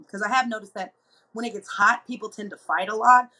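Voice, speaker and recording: A woman in her thirties hosting a show, talking candidly and chattily to viewers, slipping into lively quoted asides. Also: mid-range voice, moderate pace, rough recording. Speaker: host. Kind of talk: candid personal talk to viewers.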